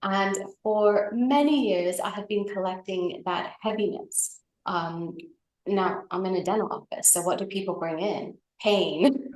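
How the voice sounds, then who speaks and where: A woman's voice: medium pitch, measured pace, a little mellow. A middle-aged woman on a video call tells a personal story in a chatty way, often tagging her sentences with "right?" and "you know". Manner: chatty, with frequent tag questions and fillers. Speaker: guest. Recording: echoey room.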